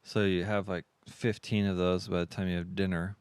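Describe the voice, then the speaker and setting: Podcast co-host, man, deep and smooth voice, rambling storyteller, dry close mic. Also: flat delivery, moderate pace, darkish tone, dry recording. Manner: rambling storyteller, lots of fillers. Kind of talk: casual chat.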